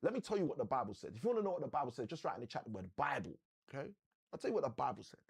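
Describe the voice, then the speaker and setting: A man hosting a live motivational session, telling a story like a preacher with slow, dramatic emphasis. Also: mid-range voice, sing-song, gravelly, breathy edge.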